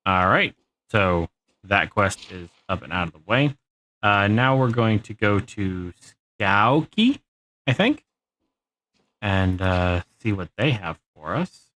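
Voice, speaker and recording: A man's voice: on the low side, very animated, slow pace, fairly bright tone, no echo. A man live streaming a game, telling a rambling, profane story to his chat. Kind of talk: casual storytelling while gaming.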